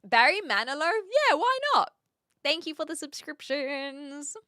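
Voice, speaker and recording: A woman's voice: high voice, very animated, a little slow, sharp tone, no room sound, clean studio sound. A woman with a light New Zealand accent, chatting casually with her live chat from her home streaming room into a stand mic, giggly and self-mocking. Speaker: Twitch streamer.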